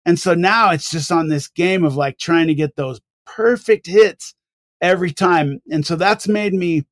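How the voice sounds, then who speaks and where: An older man, a guest on a podcast, telling rambling, animated stories with many restarts. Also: on the high side, unhurried, dry recording, studio quality. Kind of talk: casual interview storytelling.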